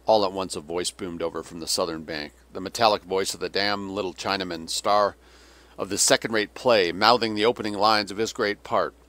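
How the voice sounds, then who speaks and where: A man's voice: low-pitched, steady tone, brisk, sharp tone, dry recording. Man reading an audiobook. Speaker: audiobook narrator. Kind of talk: audiobook narration.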